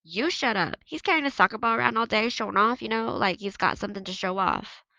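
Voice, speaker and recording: A woman's voice: mid-range voice, sing-song, fast, vocal fry, bright, forceful tone, no echo, pitched above the performer's own voice, heavily acted. A woman reading aloud and voicing a defensive teenage boy who snaps back at his teammate. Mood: snappy. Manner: snapping, defensive.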